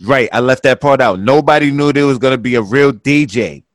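A man's voice: medium pitch, brisk, no room sound. A man in his thirties, once a party promoter, reminiscing in casual chat, laid-back and drawn out, saying "listen, man" often.

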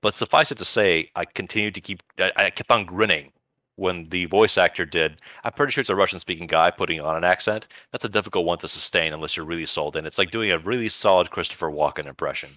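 Low-pitched and quick, this man's voice is pushed and bright, recorded without echo. Co-hosting a podcast, he rambles eagerly and casually about video games, punctuating his talk with playful bursts of emphasis.

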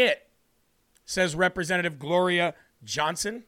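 A man's voice: high voice, expressive, measured pace, gravelly, a bit bright. A man hosting political commentary, sarcastic and scornful, often laughing at the clips he plays. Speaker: host.

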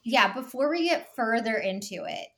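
A woman's voice: fairly high pitch, animated, normal speed, a bit bright. Woman, podcast co-host, casual comedic chat, teacher-like explainer, eager, joking asides.

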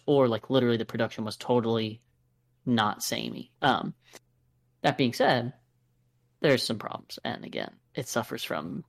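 With a gravelly, medium-pitched voice, an American man talks through an album on the podcast he co-hosts. It's a casual review conversation, peppered with fillers and restarts.

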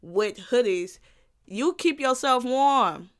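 A woman's voice: fairly high pitch, lively intonation, takes it slowly, clean tone. Young woman podcaster going off on a rant, blunt and sweary, keeps repeating herself, laughs at her own lines. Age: young adult. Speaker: podcast host. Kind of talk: casual solo podcast rant.

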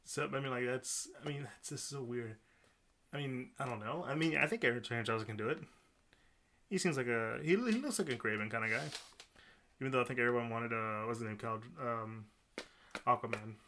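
A man's voice: medium pitch, brisk, pushed and bright. Man, podcast co-host, casual chat, rambling, repeats himself, faint noise. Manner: rambling, repeats words and restarts often.

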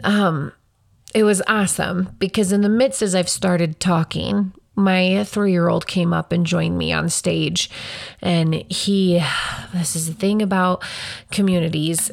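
A woman's voice: on the low side, fairly even intonation, unhurried, vocal fry, no echo, clean studio sound. A woman in her thirties, a podcast host, talking earnestly and reflectively about her own life in a casual way. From Wyoming, US. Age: 30s. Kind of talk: personal casual talk.

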